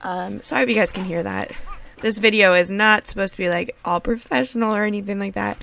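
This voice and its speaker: A woman's voice: medium pitch, a little fast, creaky, dry recording. A woman doing casual game commentary from home, gushing and exclaiming over and over, rambling with fillers into a desk microphone. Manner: gushing and excitable, repeated exclamations. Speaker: gaming video creator. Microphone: desk USB microphone.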